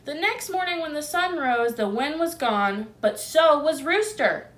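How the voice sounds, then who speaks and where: A woman teacher reading a picture book aloud to young children, gentle and expressive, asking them questions. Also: high-pitched, a little slow, a little hiss or hum.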